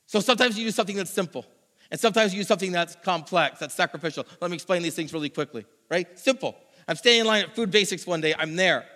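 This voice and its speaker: A pastor with a high, bright, lively voice talks quickly as he preaches a sermon built around a personal story. He narrates with animated mimicry of others, and a long hall reverb trails each phrase.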